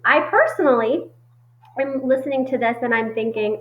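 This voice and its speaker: A woman teacher giving a recorded reading lesson to children, explaining in a friendly way with frequent pauses and fillers. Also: high-pitched. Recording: echoey muffled room recording.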